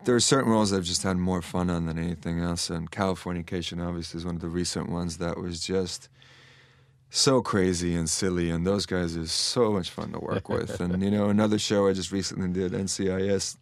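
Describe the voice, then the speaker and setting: A man's voice: low voice, fairly even intonation, moderate pace, creaky, no echo. A man who is an actor, talking as an interview guest in an earnest, reflective way, thinking aloud and restarting sentences. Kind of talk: casual interview chat.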